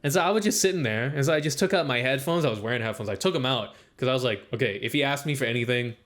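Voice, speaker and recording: A young man's voice races along, a bit bright, as he co-hosts a laid-back podcast. His long, rambling anecdote is loaded with "like," and he voices what others said at a raised pitch.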